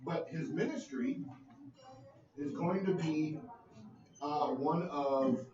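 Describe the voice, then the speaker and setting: A man's voice: fairly high pitch, expressive, a crowd in the background. Man leading group Bible study, earnest and hesitant, lo-fi distant room recording with group murmur. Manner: earnest, halting, many ums. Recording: roomy lo-fi sound from a distant mic.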